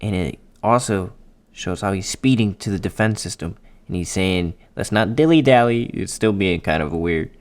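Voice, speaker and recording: A man doing a casual, excitable manga chapter readthrough for his viewers, swearing often and talking straight to them. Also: sits low, normal speed. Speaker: anime and manga YouTuber.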